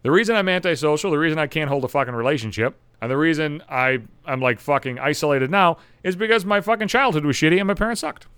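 A man's voice: fairly high pitch, fast talker, few pauses, a bit bright, clear, resonant tone, dry recording. A young man hosting a solo podcast, ranting bitterly and sarcastically with heavy swearing. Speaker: podcast host.

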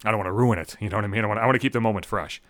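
A man's voice: fairly low pitch, rapid-fire, a bit bright, no room sound. A man hosting a solo podcast from home, ranting in a heated, profane way and stumbling over restarts. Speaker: podcast host. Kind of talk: solo comedic rant podcast.

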